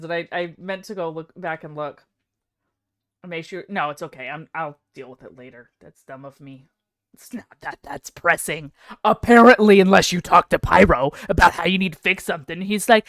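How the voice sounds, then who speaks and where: A young woman chats casually on a live stream. She is excitable and self-deprecating, and her pitch swings widely from low mutters to high squeals. Her voice sits in the middle of the usual range. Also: normal speed.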